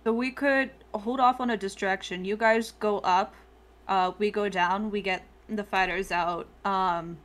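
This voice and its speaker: A woman's voice: medium pitch, steady tone, a little slow. Woman laying out a plan at the game table. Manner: plans out loud, laughs easily. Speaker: player. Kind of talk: casual tabletop game chat.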